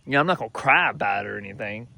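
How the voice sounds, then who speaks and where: A young man doing a crude, brash comedy monologue with loud punchlines. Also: on the low side, expressive, very fast, vocal fry. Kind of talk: stand-up style comedy monologue.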